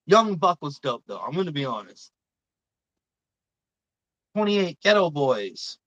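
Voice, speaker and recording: A woman's voice: sits low, sing-song, a little slow, fairly bright tone, no echo, lo-fi sound. A woman hosting a live stream, chatting casually and swearing a lot as she gives blunt, indignant opinions.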